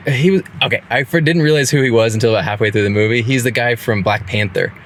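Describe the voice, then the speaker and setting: A man chatting casually as a podcast co-host, rambling through his thoughts with frequent restarts and easy laughter. His voice sits at an average pitch, with a faint hiss of background noise. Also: fast talker. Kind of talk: casual movie review chat.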